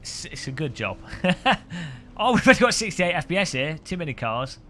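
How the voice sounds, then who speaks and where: A man rambles through a live sim racing stream, joking with his chat and laughing often. His voice sits fairly high with a bright, forceful edge. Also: very animated, moderate pace, slight background noise.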